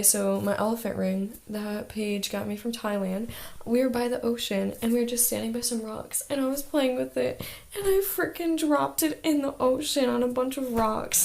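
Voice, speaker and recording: A woman's voice: a little high, steady tone, normal speed, creaky, few pauses, darkish tone. A teenage girl talking in a casual video diary as an exchange student, chatty and full of "like" fillers.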